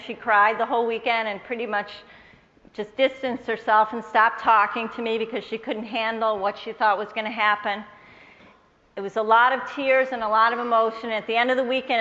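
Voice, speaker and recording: A woman telling a personal faith testimony to an audience, earnest and measured, quoting the people in her story. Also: fairly high pitch, a bit bright, big-room sound, highs cut off. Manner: earnest, measured storyteller who quotes others in her tale.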